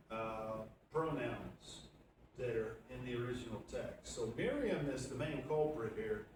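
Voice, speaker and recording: Male pastor, mid-pitched and conversational, recorded from afar in a boomy sanctuary. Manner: conversational, with fillers and questions to the congregation. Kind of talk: sermon, Bible teaching. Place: church sanctuary. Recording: echoey church room from far off, audible background noise.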